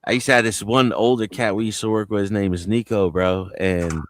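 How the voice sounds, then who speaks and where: A man's voice: lowish voice, steady tone, a little fast. A man from New Jersey on a live panel, telling loose stories full of street slang and swearing. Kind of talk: casual live panel chat.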